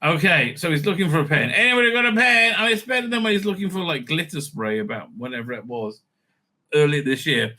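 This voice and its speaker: A man's voice: a little high, lively intonation, fairly quick, bright, forceful tone. A man reading aloud at home and breaking off into sarcastic, scornful asides, with a lot of fillers and hesitations. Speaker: vlogger commenting on TV news. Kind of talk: casual reading and mocking commentary. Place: home with a dog nearby.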